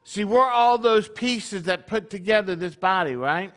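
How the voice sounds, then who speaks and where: Male congregation leader, high pitched and bright, preaching in a chatty way with frequent "right?" check-ins. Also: measured pace. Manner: conversational, peppered with rhetorical questions. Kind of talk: sermon.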